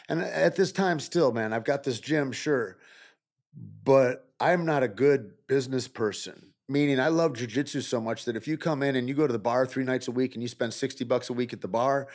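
A middle-aged man, a guest in a casual interview, telling stories and acting out quoted dialogue with a lively, rising voice. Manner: animated, acts out quoted dialogue with rising pitch. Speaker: podcast guest.

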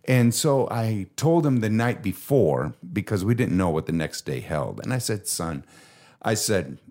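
A middle-aged man with a low, deep voice tells a heartfelt story as a podcast co-host. He speaks earnestly and with feeling, in the reflective manner of faith talk. His steady, low delivery carries a sincere, encouraging weight. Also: measured pace.

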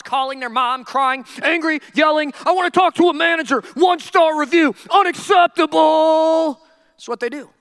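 A male pastor preaching a sermon in a humorous, animated storytelling way. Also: very high-pitched, no room sound, studio quality.

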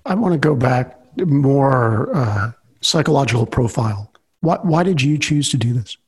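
A man's voice: mid-range voice, lively intonation, moderate pace, breathy edge. Teasing male radio co-host. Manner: teasing, wry questioner. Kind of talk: interviewing on a radio show.

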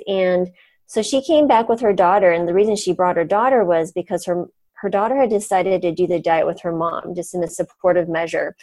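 A woman in her forties, a physician guest, telling a story in an animated, chatty way with many fillers and laughs. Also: fairly low pitch, no room sound. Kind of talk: conversational storytelling.

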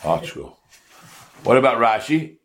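A man's voice: medium pitch, sing-song, a little slow, a bit bright. A man teaching a Torah class to his congregation, asking rhetorical questions and mixing in Hebrew and Yiddish terms.

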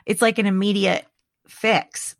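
Middle-aged female co-host, chatty and animated, frequent laughs and restarts, dry recording. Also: mid-range voice, a little slow, dry recording. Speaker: podcast co-host. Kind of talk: casual chat.

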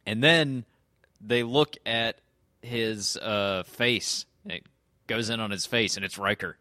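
A man's voice: fairly low pitch, slow, sharp tone, dry recording, clean studio sound. A man hosting a podcast, casually and ramblingly recapping a TV episode with a co-host. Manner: loose, rambling recap, often slips into quoting characters. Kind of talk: casual chat.

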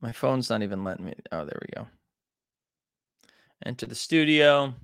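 A man's voice: mid-range voice, expressive, moderate pace, vocal fry, a bit bright. A young man hosting a livestream, talking to his chat casually and sounding frustrated and restless. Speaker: livestream host.

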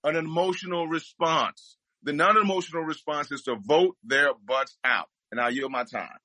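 A man's voice: a little high, normal speed, sharp tone, dry recording, low-quality recording. A man speaking as a guest, giving impassioned political commentary and repeating his points for emphasis.

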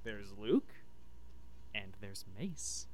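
A man in casual podcast chat, rambling enthusiastically as he pitches his own fixes for stories. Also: sing-song, extremely slow, a little mellow, a little hiss or hum. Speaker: podcast co-host.

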